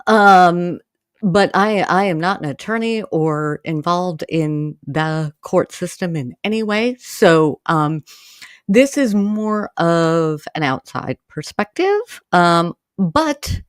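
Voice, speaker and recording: Slow, low-voiced chatty woman podcaster from Maine. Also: animated, dry recording. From Maine, USA. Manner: chatty and rambling, addresses listeners directly; gets heated and exasperated when ranting. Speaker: podcast host. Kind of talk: casual solo podcast chat.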